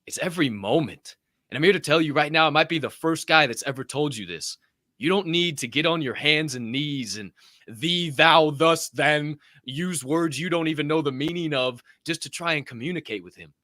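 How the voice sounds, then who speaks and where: A fervent man co-hosting a podcast, pitched a little above average, with a forceful, bright edge. His voice sounds dry and close. He preaches in a loose, swearing, motivational way. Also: normal speed, no echo. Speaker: podcast co-host. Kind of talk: motivational faith talk.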